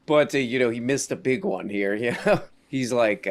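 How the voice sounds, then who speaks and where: A man's voice: mid-range voice, normal speed. A man doing casual live-stream commentary over clips, sarcastic and rambling, with a mocking tone.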